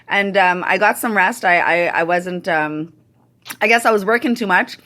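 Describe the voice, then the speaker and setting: Cheerful, bright-voiced woman radio co-host. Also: medium pitch, normal speed. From Montreal, Canada. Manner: laughs often, chatty and teasing. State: voice a bit cracky after losing it. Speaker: radio talk show co-host. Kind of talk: casual chat.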